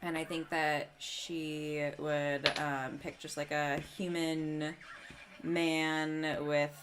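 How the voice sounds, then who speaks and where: Low-voiced woman player, wry. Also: flat delivery, extremely slow, noisy background. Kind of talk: casual chat.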